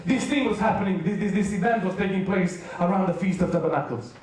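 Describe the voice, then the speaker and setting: High-voiced Serbian preacher in echoey hall. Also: male voice, darkish tone. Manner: playful storytelling with jokes and quick asides. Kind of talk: sermon to a youth rally. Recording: very echoey hall, mic far off.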